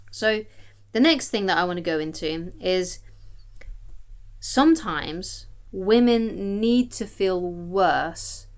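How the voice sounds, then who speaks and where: A woman's voice: fairly low pitch, expressive, slow. A woman, a dating coach, giving chatty, emphatic advice straight to camera and often checking in with "okay?". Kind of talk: direct-to-camera advice talk.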